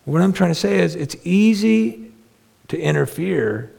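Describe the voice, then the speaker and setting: A man's voice: sits high, lively intonation, unhurried, gravelly, darkish tone, slightly rough. A middle-aged man preaching a sermon as pastor, earnest and conversational, with self-deprecating humor. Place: church sanctuary. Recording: long reverb of a large hall.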